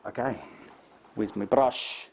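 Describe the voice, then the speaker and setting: A middle-aged man with a New Zealand accent, chatting and thinking aloud as he paints a landscape, self-mocking and relaxed. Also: lowish voice, slow, slight background noise, rough recording. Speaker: painting tutor. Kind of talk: casual painting tutorial.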